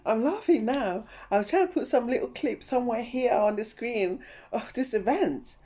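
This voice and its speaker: Woman, middle-aged, casual vlog chat, animated storyteller, laughing. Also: on the high side, moderate pace. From lives in London. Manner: animated, laughing, acts out her own past reactions. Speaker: vlogger.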